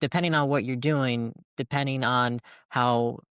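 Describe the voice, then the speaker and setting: Male host, clear smooth voice, explains and sums up, dry recording. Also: mid-range voice, steady tone, a little slow, fairly bright tone, no echo. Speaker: podcast host. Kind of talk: casual interview talk.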